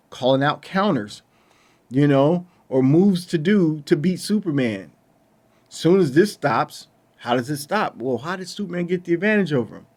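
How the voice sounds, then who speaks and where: A man giving a casual spoken film review, exasperated and ranting, with loose colloquial phrasing and frequent restarts. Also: a little high. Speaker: movie reviewer.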